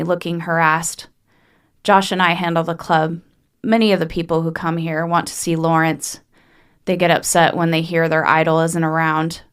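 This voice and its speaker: A woman narrating a first-person horror story with a measured, even delivery. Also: fairly low pitch. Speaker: audiobook narrator.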